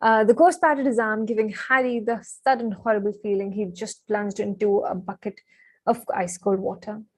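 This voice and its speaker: Excitable young woman reading aloud. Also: medium pitch, moderate pace, slightly rough, dry recording, rough recording. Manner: excitable and chatty, with many fillers and apologies. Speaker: live-stream book reader. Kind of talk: reading a novel aloud on a live stream.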